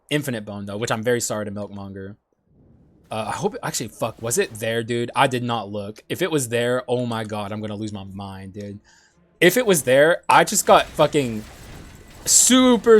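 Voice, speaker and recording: A young man giving casual gameplay commentary, excitable and swearing often, clearing his dry throat now and then. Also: medium pitch. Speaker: gaming YouTuber.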